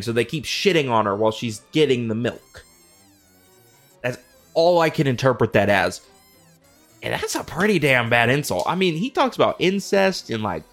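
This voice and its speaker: A man riffs through a comedic monologue in a rambling, profane way. He sounds incredulous, and his pitch jumps around a lot. Faint music plays behind him. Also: fairly bright tone. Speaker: host.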